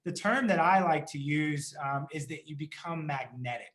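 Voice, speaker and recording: A man's voice: on the high side, normal speed, fairly bright tone. A man hosting a real estate podcast, interviewing a guest in an enthusiastic, promotional way. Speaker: podcast host. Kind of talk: casual interview chat.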